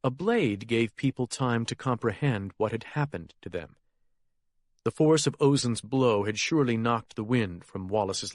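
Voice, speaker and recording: Man narrating a thriller, steady. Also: medium pitch, no room sound, studio quality. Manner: steady, measured thriller reading. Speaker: audiobook narrator. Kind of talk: scripted narration.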